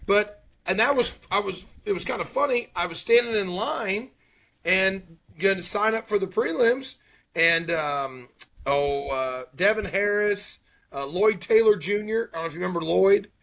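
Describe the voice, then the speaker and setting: A man's voice: high voice, normal speed, creaky. A middle-aged man telling stories in a casual chat, acting out what people said. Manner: animated storyteller, acts out quotes.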